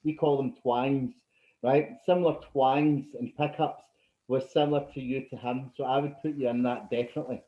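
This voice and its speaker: A Scottish man hosting a relaxed interview, talking easily and laughing along with his guest. His voice comes through a dull, somewhat muffled mic in an echoey room. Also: mid-range voice, normal speed. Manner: warm-hearted, enthusiastic, laughs often. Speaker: podcast host. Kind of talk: casual interview chat. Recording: roomy, dull-sounding mic.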